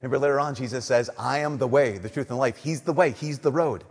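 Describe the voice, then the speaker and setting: A young man, a Catholic priest, giving an earnest, conversational homily that drops to soft emphasis. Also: mid-range voice, fast talker, breathy edge. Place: church. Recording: long church reverb.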